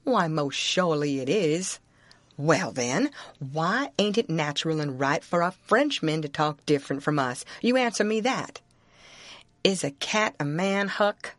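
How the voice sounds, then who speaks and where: A woman's voice: low voice, animated, unhurried, dry recording. A woman doing a stubborn Southern runaway man. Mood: indignant. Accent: Southern American. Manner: heavy rural dialect, insistent and indignant.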